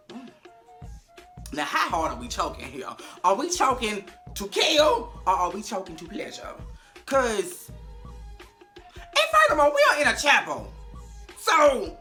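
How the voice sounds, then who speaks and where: Young woman w/ recapping a show, swoops all over, bright sharp voice, faint music behind. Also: medium pitch, unhurried, pauses often. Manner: animated, profane, acts out scenes with big vocal swings. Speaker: TV recap vlogger. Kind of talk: casual recap commentary to camera.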